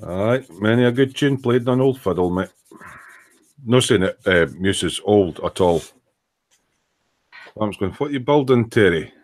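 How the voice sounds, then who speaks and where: Low-voiced Scottish man joking at his bench. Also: a little slow, pauses often, a little mellow. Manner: banter, swearing, dry jokes while sanding. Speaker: hobby model maker hosting a live stream. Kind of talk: casual chat while working at the bench. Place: hobby workbench indoors.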